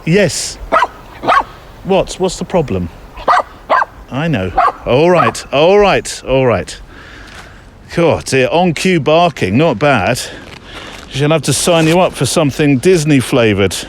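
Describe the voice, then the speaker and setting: Out on a muddy countryside walk, a podcast host rambles through a casual monologue, joking and chatting with his dog between thoughts. His voice is on the high side and sing-song, slow with long pauses, and background noise comes through.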